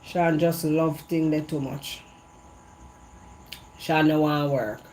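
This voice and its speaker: A woman's voice: low-pitched, fairly even intonation, slow pace, a little mellow, slight background noise. A Jamaican woman in a casual gossip monologue, repeating herself for emphasis in patois, speaking outdoors in an evening breeze. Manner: repetitive, emphatic storytelling in patois. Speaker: vlogger.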